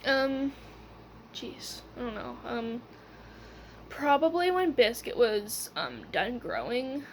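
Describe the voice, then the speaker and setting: A woman's voice: a little high, very animated, slow pace, a little hiss or hum. A young woman telling a personal story in a casual, rambling way, with lots of "like" and "whatever" and laughs along the way.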